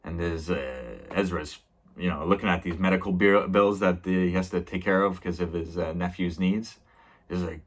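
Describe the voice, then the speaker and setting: A man's voice: sits low, steady tone, normal speed, a bit bright. A man casually recapping a TV episode as a reviewer, rambling with many fillers and small laughs.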